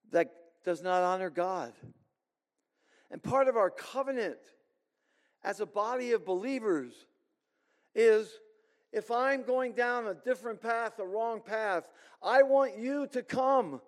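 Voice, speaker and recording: High-voiced pastor preaching in a reverberant hall. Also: male voice. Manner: earnest, emphatic preaching with pauses. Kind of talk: sermon. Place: church sanctuary.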